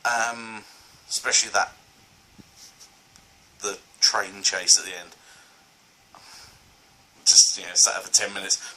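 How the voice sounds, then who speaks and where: A man chats through a casual film review on his vlog, rambling from thought to thought with plenty of fillers and restarts. His voice sits a little low but has a sharp, forceful edge, and a faint hiss hangs behind it. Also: fairly even intonation, takes it slowly, pauses often, poor audio. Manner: enthusiastic.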